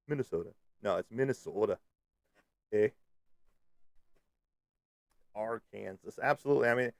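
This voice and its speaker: Host type: male, low and gravelly, loose joking ramble, dry close mic. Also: no room sound. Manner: rambling, joking, lots of fillers. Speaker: live stream host. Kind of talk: casual live chat with viewers. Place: Kansas City area.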